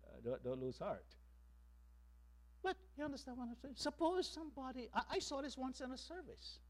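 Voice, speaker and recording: A man preaching a sermon as pastor, animated and emphatic, rising to loud calls and dropping to hushed lines. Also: very high voice, a little fast.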